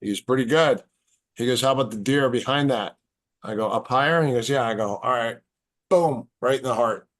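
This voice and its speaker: A man, a martial arts instructor on a podcast as a guest, telling stories in a casual, animated, halting way. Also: medium pitch. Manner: animated, halting, repeats words. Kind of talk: casual storytelling.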